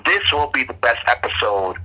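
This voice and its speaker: Casting: husky man in his thirties, sports podcast co-host, loose and fired-up trash talk, a bright, forceful edge to his voice. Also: medium pitch, very animated, normal speed, poor audio. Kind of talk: casual sports podcast rant.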